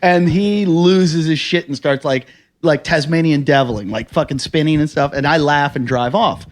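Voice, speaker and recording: A man from the United States, a comedian and podcast host, telling a story in casual chat, swearing often and bursting into shouted quotes. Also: a little high, moderate pace.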